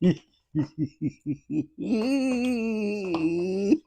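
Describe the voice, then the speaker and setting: Lively laughing male commentator. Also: high voice, very slow, creaky. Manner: laughs often, talks straight to viewers. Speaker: host. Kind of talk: casual commentary.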